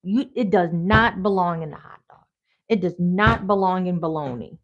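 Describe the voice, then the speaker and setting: A woman's voice: fairly low pitch, moderate pace. A woman from Wisconsin telling a story in a casual, chatty, blunt way as a vlogger. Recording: dull lo-fi audio.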